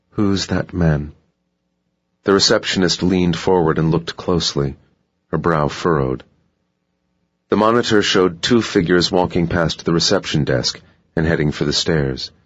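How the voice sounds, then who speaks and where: A male narrator with an extremely deep, husky voice reads the story in a steady, even manner. The recording is dry and dull, like a muffled audiobook. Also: dry recording. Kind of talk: scripted narration.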